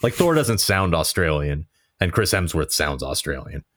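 Deep-voiced man, dry close sound. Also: sing-song, moderate pace, a bit bright, no echo. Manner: chatty, self-correcting. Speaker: podcast co-host. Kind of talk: casual chat.

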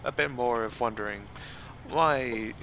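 Man, tabletop player, casual, bright forceful voice. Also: mid-range voice, measured pace, creaky, slight background noise, rough recording. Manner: casual, says you know a lot. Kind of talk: tabletop role-play.

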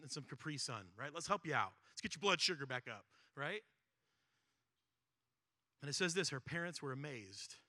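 A man preaching a sermon in a casual, conversational way, often checking in with "right?" and swinging between loud stretches and hushed ones. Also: a little high, no echo, studio quality. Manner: conversational, keeps asking "right?". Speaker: pastor.

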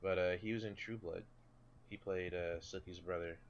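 A man's voice: sits low, steady tone, normal speed, dull audio. A man co-hosting a podcast in loose, casual chat, swearing and correcting himself as he goes. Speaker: podcast co-host.

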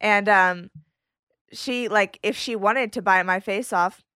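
Bright young woman telling a story. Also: medium pitch, takes it slowly, smooth, no room sound, clean studio sound. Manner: rambling, fillers of "like", acts out quotes. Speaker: podcast guest. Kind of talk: casual chat, storytelling.

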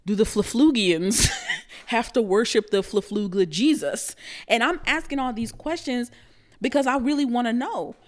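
A young woman telling a personal story in a casual monologue, animated and blunt, cussing and laughing as she goes. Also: a little high, moderate pace.

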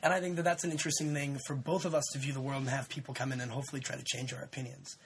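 A man in his twenties hosting a podcast, telling a story in a rambling, laid-back way with lots of fillers and shout-outs. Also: mid-range voice, flat delivery, racing, slight background noise. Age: 20s. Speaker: podcast host. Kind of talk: casual storytelling chat.

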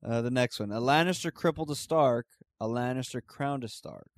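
A man in casual chat, relaxed and hesitant, with many fillers and restarts. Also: medium pitch, normal speed, no room sound.

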